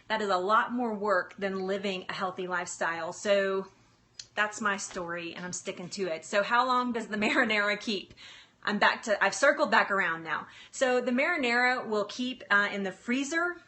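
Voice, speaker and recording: A woman's voice: mid-range voice, bright, forceful tone. A woman health coach chatting on a live stream from her home kitchen on a phone, laughing often and easily moved as she answers viewers.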